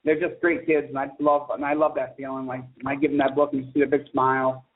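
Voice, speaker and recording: A man's voice: medium pitch, little pitch movement. A man, a children's book author, chatting as a guest and telling stories eagerly and ramblingly. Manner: eager storyteller, quick and rambling. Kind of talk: casual phone interview chat. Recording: tinny phone line with faint hiss.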